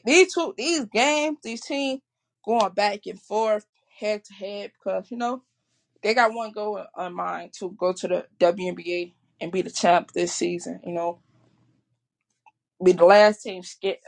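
A woman's voice: mid-range voice, gravelly. A woman hosting her podcast, rambling casually about sports with many fillers and restarts and apologizing for her swearing. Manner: rambling, full of fillers and self-corrections. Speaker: podcast host.

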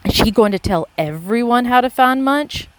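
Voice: medium pitch, expressive, normal speed, a bit bright, no echo, voice pushed up, lightly acted. A reader voicing an earnest, determined young boy who speaks urgently.

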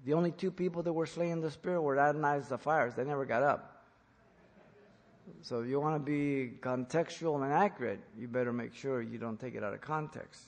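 A man preaching an expository sermon in church, emphatic, rising to loud peaks when quoting. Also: medium pitch, a little fast, in a large hall. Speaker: pastor.

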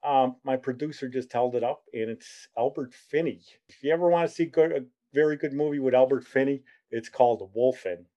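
A man's voice: mid-range voice, a little fast, mellow, highs cut off. A middle-aged man hosting a show, telling a long personal story in a rambling, self-deprecating way. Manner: rambling, self-deprecating humor, many fillers and asides. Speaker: show host.

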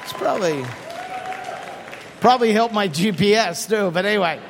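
A middle-aged man preaching a sermon as pastor, animated and emphatic, firing off rhetorical questions and repeating for emphasis. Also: high voice, normal speed, vocal fry, some chatter behind, slight background noise. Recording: long reverb of a large hall.

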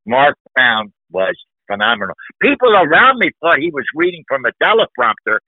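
A man's voice: mid-range voice, big pitch swings, moderate pace, no echo. A man hosting a podcast interview, talking effusively and with emphasis, full of praise for the people he mentions. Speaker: podcast host. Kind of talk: conversational interview. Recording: dry, phone-like narrow band.

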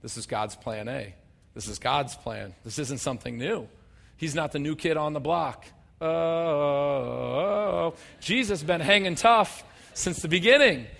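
A man preaching a sermon as pastor, conversational and humorous, swinging between loud emphatic bursts and quiet low asides. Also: a little slow, creaky. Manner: conversational and humorous, acting out people's voices.

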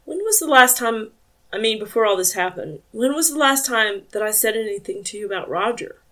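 A woman's voice: on the high side, expressive, fairly quick, a bit bright. A woman reading a tired injured man in a wheelchair in an audiobook, hesitant and questioning.

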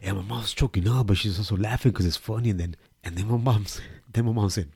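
Husky, laughing storyteller man. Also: on the low side, fairly quick, no room sound, studio quality. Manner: animated, laughing, profane storyteller. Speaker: podcast co-host, comedian. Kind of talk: casual storytelling chat.

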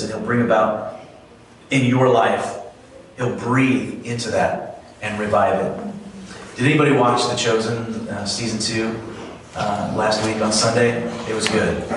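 A man's voice: on the low side, fairly even intonation, a little slow. Man, pastor, sermon, conversational storytelling, earnest, very echoey church hall, distant mic, faint room noise.

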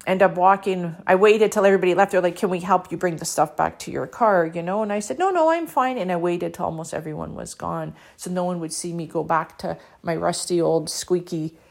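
A middle-aged woman from Canada telling a personal story with deep emotion, earnest and encouraging, her mouth dry. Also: gravelly. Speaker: author and speaker sharing a personal story.

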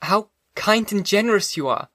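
A man's voice: high voice, lively intonation, moderate pace, sharp tone, dry recording, clean studio sound, voice pushed up, heavily acted. A man voicing an earnest, grieving young woman in an audiobook reading, her lines pleading and emotional.

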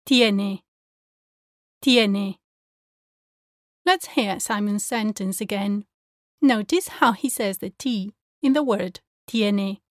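A woman language teacher giving a pronunciation lesson, speaking clearly and carefully as she demonstrates sounds. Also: mid-range voice, measured pace, no echo, clean studio sound.

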